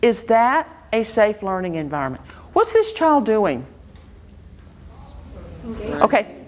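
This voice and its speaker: A woman's voice: fairly high pitch, big pitch swings, slow pace, pauses often. A woman educator giving an interactive workshop lecture, quizzing her audience with a string of questions in a room before a live audience.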